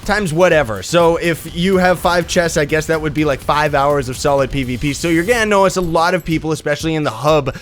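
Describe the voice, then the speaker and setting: A young man with a rough, sick voice, hosting a gaming channel and explaining a game with upbeat, rambling talk. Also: fairly high pitch, fairly quick, soft background music. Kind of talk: let's play tutorial commentary.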